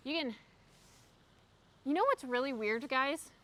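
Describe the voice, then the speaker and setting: High-pitched, expressive and a bit bright, this young streamer takes her time as she does yoga by a pond in a windy park. She chats casually into her phone camera, reading her viewers' messages aloud.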